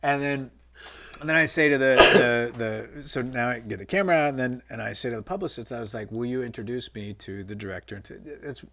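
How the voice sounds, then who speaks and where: A man's voice: mid-range voice, a little fast, pushed and bright. A middle-aged filmmaker, a man, telling stories casually in an interview, with many fillers and quoted dialogue. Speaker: guest filmmaker.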